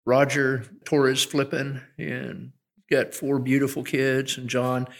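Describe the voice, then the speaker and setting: A man's voice: medium pitch, level tone, takes it slowly, creaky, fairly bright tone. A middle-aged man speaking as a guest educator in an interview, an earnest storyteller who often restarts his sentences. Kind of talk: conversational interview. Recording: long hall reverb.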